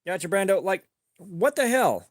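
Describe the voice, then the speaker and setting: A man streaming live, telling a rambling, profane story in a casual way and getting animated when he quotes people. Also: high voice, moderate pace, no echo, clean studio sound. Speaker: livestream host.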